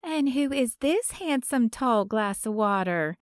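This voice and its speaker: A woman's voice: expressive, slow pace, no echo, clean studio sound. A woman narrator voicing an effusive, folksy grandmother in her sixties with a lyrical Southern accent, in an audiobook. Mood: charming. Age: 60s. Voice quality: lyrical, higher and brighter. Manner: effusive, folksy, playfully bossy. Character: warm older Southern grandmother, former star singer.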